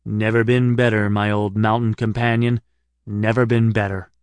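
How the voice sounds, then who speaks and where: A man's voice: fairly low pitch, little pitch movement, moderate pace, clean tone, no echo, natural voice. A man voicing a cheerful, restless middle-aged hiking buddy who talks in an offhand, jokey way, in an audiobook. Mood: breezy.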